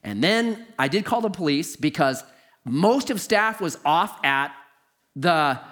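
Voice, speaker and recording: A middle-aged man spins a personal story with a high voice that leaps up and down. He plays every moment big and bursts into loud disbelief at the surprises. His telling is animated and exaggerated. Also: slow pace.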